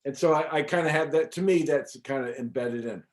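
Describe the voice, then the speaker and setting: A middle-aged man, an interview guest, telling a personal story in a casual, animated way with many fillers and the odd swear word. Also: fairly high pitch, fairly quick. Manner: animated, chatty, frequent fillers and restarts. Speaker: interview guest recounting an experience.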